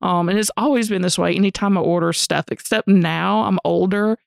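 A woman in her forties with a Southern US accent, co-hosting a podcast and telling a story in a casual, animated, profane way. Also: lowish voice, a little fast, gravelly, clear, resonant tone, no room sound, studio quality. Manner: animated, profane, frequently says y'all. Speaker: podcast co-host.

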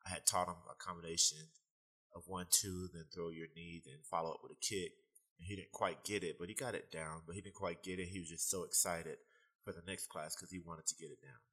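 A young man being interviewed, telling animated stories and laughing often in casual talk. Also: deep voice, brisk, slightly rough, rough recording. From United States. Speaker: guest, fitness trainer.

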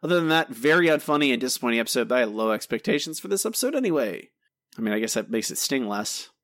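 Male podcast host, relaxed and chatty, mid-pitched voice, dry close sound. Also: very fast, no echo. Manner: relaxed, chatty, with frequent fillers and self-corrections. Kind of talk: casual podcast chat, reading listener answers.

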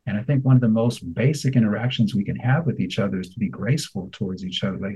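A middle-aged man co-hosting a radio talk show, chatting and telling animated stories, sometimes slipping into a grandfatherly voice. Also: lowish voice, quick pace, few pauses, husky, highs cut off. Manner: animated storyteller, slips into a warm grandfatherly voice. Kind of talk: casual chat.

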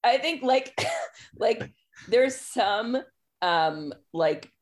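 A woman's voice: a little high, lively intonation, extremely slow, crowd noise. A woman co-hosting a casual podcast chat, playful and laughing often.

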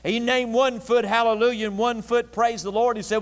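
A man preaches an evening sermon in a high, ringing voice, hammering phrases home again and again. His words echo with a long tail through a large church sanctuary. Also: fairly even intonation, normal speed, few pauses. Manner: emphatic, repetitive preaching cadence.

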